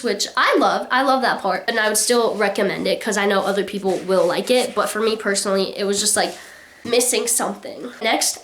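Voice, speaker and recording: A woman's voice: medium pitch, fairly bright tone. A young woman vlogging casual book reviews, chatty and full of "like" fillers.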